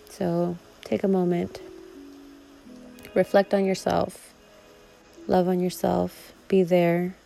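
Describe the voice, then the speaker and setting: A woman's voice: on the low side, vocal fry, darkish tone, low-quality recording. A woman vlogger talking casually and reflectively to her viewers, rambling a little and laughing now and then. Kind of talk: casual heartfelt monologue to viewers.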